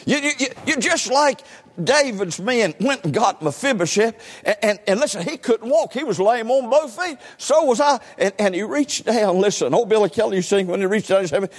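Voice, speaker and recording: With a husky, high-pitched voice and lively intonation, an older preacher delivers his testimony at normal speed during a church sermon. He hammers home points by repeating "listen" and stumbles into his phrases with stammered restarts. The sanctuary gives the sound a long reverb.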